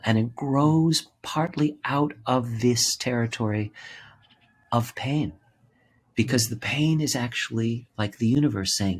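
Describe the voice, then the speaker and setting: A man's voice: medium pitch, breathy edge. A man in his sixties, a guest telling his story in a candid interview, impassioned and repeating words for emphasis, swearing freely. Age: 60s. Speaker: podcast guest, author and actor.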